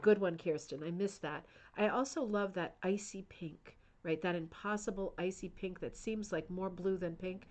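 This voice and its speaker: A woman's voice: lowish voice, normal speed, few pauses, a little mellow. A woman hosting a rug hooking club's live stream, chatting enthusiastically about a book and reading out viewer comments. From United States. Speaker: host of a rug hooking club channel.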